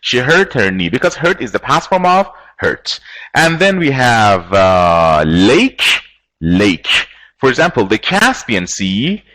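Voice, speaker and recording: A man teaching English vocabulary with a Persian accent, repeating each word slowly with long fillers. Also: mid-range voice, sing-song, pushed and bright. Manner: slow repetition of words, drawn-out fillers. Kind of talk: online class teaching vocabulary.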